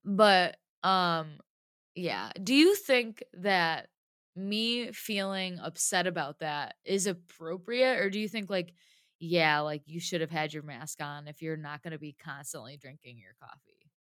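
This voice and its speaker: A woman's voice: on the low side, a little slow, no room sound, clean studio sound. A woman telling a personal story in a casual chat, with lots of "like" fillers. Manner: chatty, lots of "like", animated retelling.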